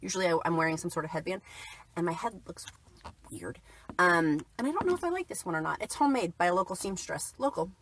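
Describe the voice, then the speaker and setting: A woman's voice: lowish voice, expressive, fast talker, fairly bright tone, a little hiss or hum. A woman talking casually and cheerfully on a livestream, chatting about her day and reading out viewer comments. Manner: chatty, upbeat, reads viewer comments aloud. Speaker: keto vlogger.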